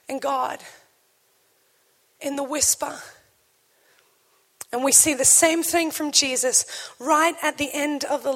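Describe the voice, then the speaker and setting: A woman preaching a sermon to a church, swinging between loud declarations and hushed, slow lines. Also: high voice, gravelly, in a large hall.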